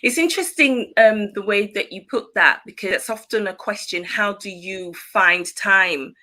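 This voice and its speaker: A middle-aged woman from Leeds, speaking as a guest in a casual interview, calm and reflective, with light giggles. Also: mid-range voice, normal speed. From Leeds, West Yorkshire, England.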